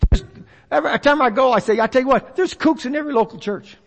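A man's voice: extremely high pitch, quick pace, gravelly, a bit bright, long reverb tail. A man preaching a sermon in a church, emphatic and repetitive, building his points as a call and response with the congregation.

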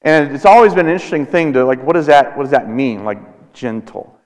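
A man in his thirties preaching a sermon as a pastor, slow and deliberate with dramatic pauses. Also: medium pitch, lively intonation, a little mellow. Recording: long reverb of a large hall.

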